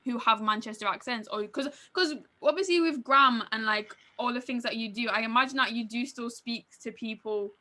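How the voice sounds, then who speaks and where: A Northern English woman co-hosts a live podcast in a chatty, animated way. Her voice sits a touch high and sounds very bright and forceful. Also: fairly quick, hardly any pauses. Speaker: podcast co-host. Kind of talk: casual chat at a live podcast. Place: live event venue.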